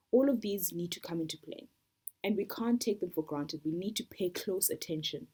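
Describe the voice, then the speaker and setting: Husky-voiced woman teaching a workshop. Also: on the low side, darkish tone. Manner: deliberate, defines terms one by one. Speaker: storytelling workshop facilitator. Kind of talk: instructional talk.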